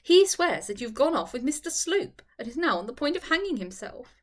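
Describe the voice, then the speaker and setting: Woman voicing a brisk, teasing young lady friend. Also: high-pitched, very animated. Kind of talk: audiobook reading.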